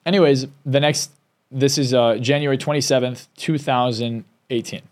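A man's voice: medium pitch, fairly even intonation, normal speed. A man, a success coach and hypnotist, telling a candid, emotional personal story as a podcast guest, often restarting his sentences.

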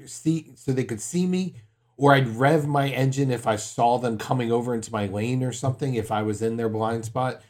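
A man in his forties preaching a sermon, earnest, mixing stories with quiet, emphatic points. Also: mid-range voice. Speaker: pastor.

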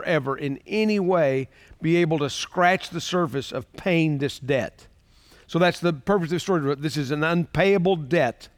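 A man's voice: fairly high pitch, dry recording. A man preaching a sermon as pastor, talking in a conversational way and asking his listeners rhetorical questions.

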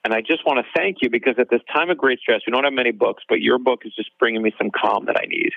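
A man's voice: medium pitch, quick pace, creaky, no echo. A male author telling a story in an interview, acting out the dialogue in it. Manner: animated storyteller, acts out dialogue. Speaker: author guest. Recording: dry tinny phone-like line.

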